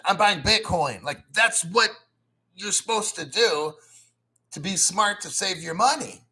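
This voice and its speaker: A man hosting a casual crypto livestream, blunt and profane, clearing his throat often and reading viewer chat aloud. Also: sits high, sharp tone. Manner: mocks newcomers with sarcastic put-on quotes; reads and answers viewer chat messages. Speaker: crypto channel host.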